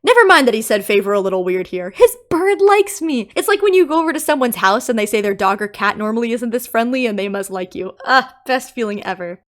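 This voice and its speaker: A woman's voice: mid-range voice, expressive, fast, few pauses, fairly bright tone. A woman giving casual, playful, opinionated video commentary on game voice lines. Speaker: game theory YouTuber.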